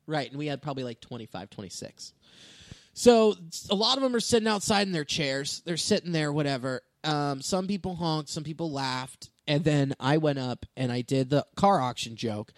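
A male comedian telling animated, profane stories in a casual podcast chat on a studio microphone. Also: a little high, moderate pace, dry recording. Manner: animated storytelling with swearing. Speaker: stand-up comedian.

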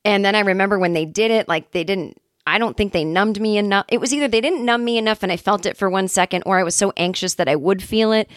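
A woman's voice: mid-range voice, fast talker, hardly any pauses, dry recording. Woman comedy podcaster, rambly and self-deprecating, dry close mic, no room sound. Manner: rambling, self-deprecating, candid about anxiety. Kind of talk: casual comedic storytelling.

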